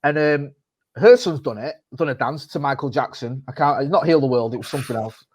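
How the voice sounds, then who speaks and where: Fairly quick and mid-range in pitch, this podcast co-host tells his stories in a casual chat. He's a man who swears, rambles, and keeps the storytelling animated.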